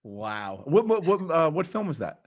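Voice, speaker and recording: A man's voice: fairly high pitch, big pitch swings, moderate pace, slight background noise. A man hosting a casual interview, playful and joking and often laughing. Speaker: interview host.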